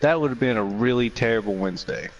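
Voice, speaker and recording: A man in casual chat, telling stories in an animated, profane way. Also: medium pitch, fast, distant mic, muffled recording, a little hiss or hum.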